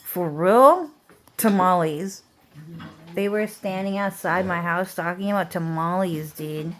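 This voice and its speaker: A woman with a slightly low voice rambles through a casual vlog rant. She swears freely and leans on "like" and "dude" in almost every sentence. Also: steady tone, a little slow. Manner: profane, fills speech with "like" and "dude". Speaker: vlogger.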